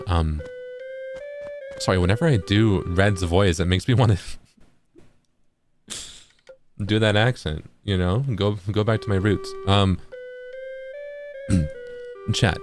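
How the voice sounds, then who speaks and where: A man's voice: lowish voice, big pitch swings, slow pace, long pauses, faint music behind. A young man streaming a video game, chatting playfully with his viewers and thinking aloud. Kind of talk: casual gaming commentary.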